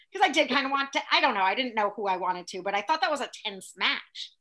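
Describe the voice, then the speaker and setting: A young adult woman co-hosting an aftershow, talking in an animated, rambling way and acting out her reactions. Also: on the high side, fast, few pauses. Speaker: aftershow co-host. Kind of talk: casual chat.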